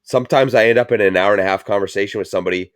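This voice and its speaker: A man hosts a casual talk show, rambling from story to story and swearing freely. His voice sits a bit low and the sound is dry and close. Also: very fast, clean tone, no room sound. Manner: rambling, swears a lot, lots of fillers. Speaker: show host. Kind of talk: casual profane chat.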